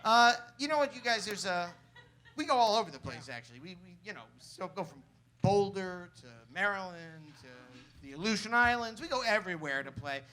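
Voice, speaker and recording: A man's voice: high-pitched, lively intonation, a little fast. A man performing an improvised comic song on a cabaret stage, playful and belting. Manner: playful, belting sung lines. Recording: loud live band behind. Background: live band.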